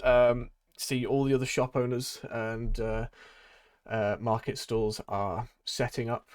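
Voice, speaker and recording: A man running a tabletop role-playing game as narrator, stopping often on ums and uhs as he describes the scene. His voice is mid-pitched and sounds close and dry, with no room echo. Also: little pitch movement, takes it slowly. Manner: hesitant, many fillers. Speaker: game master.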